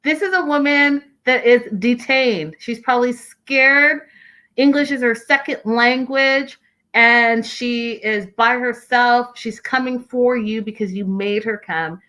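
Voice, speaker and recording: Bright-voiced woman hosting a casual recap. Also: a little high, slow, poor audio. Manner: animated, opinionated, talks straight to viewers. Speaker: host. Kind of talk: casual recap commentary reading viewer comments.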